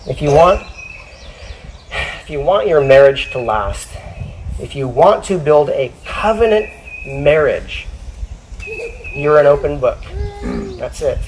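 A man preaching a sermon, talking casually to his church and slowing down to read scripture aloud. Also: fairly high pitch, darkish tone, a little hiss or hum, poor audio. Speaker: pastor.

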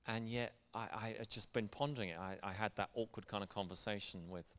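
A man's voice: lowish voice, brisk, fairly bright tone. Man preaching in a reverberant hall. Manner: earnest, conversational preaching. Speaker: pastor. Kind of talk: sermon.

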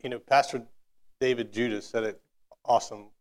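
A man's voice: mid-range voice, steady tone, a little fast. Earnest man leading a prayer. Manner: earnest, repeats words as he restarts. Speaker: co-host who prays. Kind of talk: casual testimony and spoken prayer.

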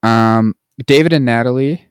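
A man's voice: medium pitch, normal speed, clear, resonant tone, no echo, studio quality. A man co-hosting a podcast, casually recapping a movie with lots of fillers and the odd mocking put-on voice. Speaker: podcast co-host. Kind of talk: casual chat.

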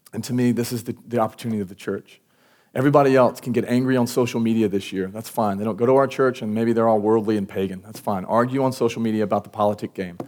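A male pastor delivers a conversational sermon, telling stories that get louder and higher in pitch as his emotion builds.

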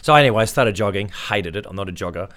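Chatty Australian man telling lively anecdotes. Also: fairly low pitch, racing. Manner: animated anecdotes, acting out quoted voices. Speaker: interview guest, tribute performer. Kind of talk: casual storytelling in an interview.

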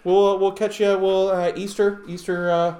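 A man co-hosting a casual chat, rambling and joking, often trailing off softly. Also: high voice, little pitch movement, normal speed. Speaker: co-host. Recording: echoey room with faint noise.

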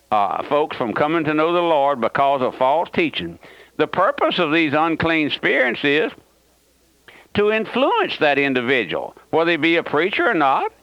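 A man's voice: fairly high pitch, fairly bright tone, no room sound. A man preaching a radio sermon in a folksy, emphatic way, with many fillers and restarts. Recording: dull, dry radio broadcast.

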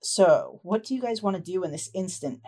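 A woman's voice: fairly low pitch, fairly quick, breathy edge. Lady running a tabletop game, chatty and easygoing, lots of ums. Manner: relaxed, chatty, with fillers. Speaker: game master.

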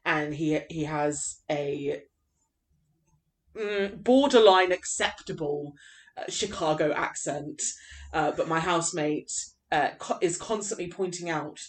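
A woman's voice: low-pitched, slow pace. A woman with a London English accent co-hosting a podcast in casual chat, chatty, with many fillers. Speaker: podcast co-host.

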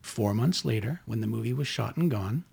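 Canadian host, gravelly and a bit husky, measured storyteller. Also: male voice, mid-range voice, lively intonation, a little mellow. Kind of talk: casual chat.

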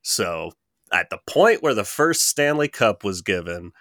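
A young man with a low, bright, forward voice banters through a trivia game, teasing his opponent and laughing as he works out answers. He speaks slowly, and the close recording sounds dry. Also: sing-song, no echo. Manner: playful trash talk, laughs often, reasons aloud. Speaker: trivia contestant and co-host.

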